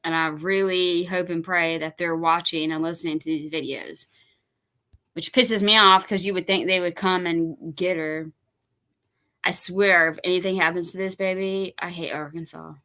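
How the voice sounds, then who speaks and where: A woman's voice: on the low side, fairly even intonation, normal speed, pushed and bright, low-quality recording. A woman hosting a reaction commentary, exasperated and incredulous. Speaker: commentary host.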